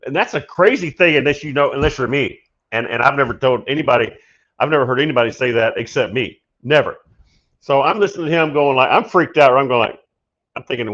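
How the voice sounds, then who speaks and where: Animated storytelling man, slightly muffled. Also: mid-range voice, brisk. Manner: animated, laughs often, shouts when acting out his story. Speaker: prophetic minister and show host. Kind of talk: casual storytelling.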